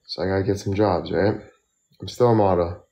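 A young man chatting casually on a phone livestream, tired and tipsy from drinking, rambling slowly with lots of fillers. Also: low voice, fairly even intonation, warm tone. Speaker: model and livestreamer.

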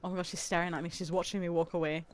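A young adult woman streaming a video game in casual chat, excitable and dramatic, often gasping and laughing. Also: fairly low pitch, racing.

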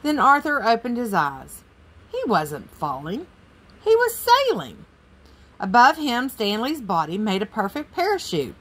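A woman reading a children's picture book aloud in a gentle, expressive way. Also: on the high side, moderate pace, low-quality recording. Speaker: storybook reader.

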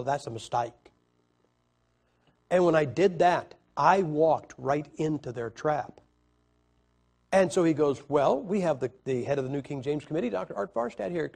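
A man preaching a sermon, telling a story with many halting restarts and swings from loud to quiet. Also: on the high side, lively intonation, creaky. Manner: halting, repeats words and restarts. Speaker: evangelist preacher.

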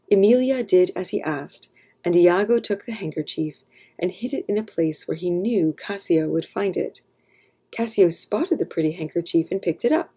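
A woman reading a storybook aloud for children, narrating calmly and clearly. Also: fairly low pitch, normal speed.

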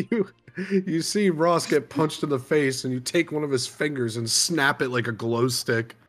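A man's voice: medium pitch, moderate pace, a bit bright. A young man narrating as game master of a tabletop game, often laughing as he goes.

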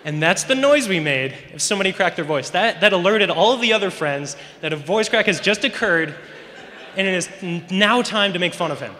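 Speaking fast in a high, animated, pushed and bright voice, a teenage boy rambles through self-deprecating stand-up comedy, peppered with "you know," at a school talent show. The echoey recording comes from a large auditorium stage.

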